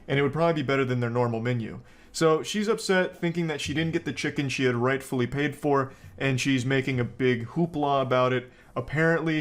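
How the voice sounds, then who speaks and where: A man giving reaction commentary on a video with dry, sarcastic asides. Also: medium pitch. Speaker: commentary host.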